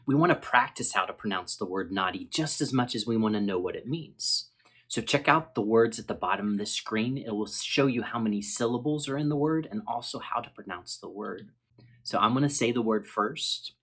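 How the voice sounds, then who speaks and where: An American man hosting an English vocabulary lesson, speaking in a friendly, slow and deliberate way as he repeats words for learners. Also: lowish voice, fairly bright tone, slightly rough. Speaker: English teacher.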